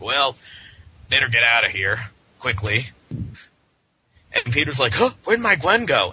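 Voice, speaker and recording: A man co-hosting a podcast, ranting sarcastically and mockingly in a casual comic book discussion. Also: lowish voice. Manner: sarcastic, mocking, animated rants. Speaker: podcast co-host. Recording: dull lo-fi with faint hiss.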